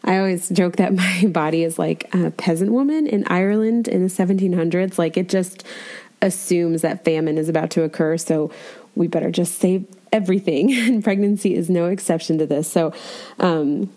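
A woman's voice: on the low side, moderate pace, warm tone. A woman in her thirties candidly sharing a personal faith story, reflective and laughing lightly at herself. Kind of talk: personal devotional testimony.

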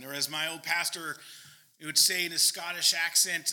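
A man, a pastor, preaching a sermon in an earnest, emphatic way with quick asides. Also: on the high side, bright, forceful tone.

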